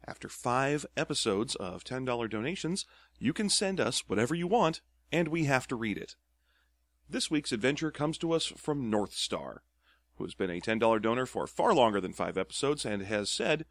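A man's voice: mid-range voice, big pitch swings, normal speed, no room sound. A man co-hosting a comedy podcast, chatting playfully and reading a listener's story aloud with mock gravity. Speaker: podcast co-host.

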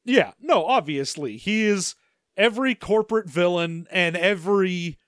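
A man's voice: high-pitched, lively intonation, a little slow, a bit bright, no room sound, clean studio sound. A man co-hosting a casual movie-review chat, wry and joking, laughing along. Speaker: podcast co-host.

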